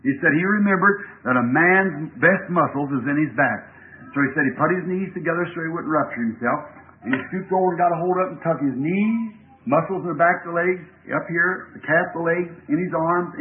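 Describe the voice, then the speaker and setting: A man preaching a sermon, retelling a story fervently and building to shouts, then praying. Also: a little high. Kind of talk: sermon with retold story and prayer. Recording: tinny lo-fi recording with faint hiss.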